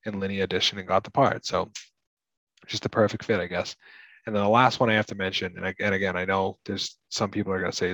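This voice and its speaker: An American man co-hosting a casual film discussion, chatty, often restarting and clearing his throat. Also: low voice, level tone, quick pace, fairly bright tone, no echo, rough recording. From United States. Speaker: podcast co-host.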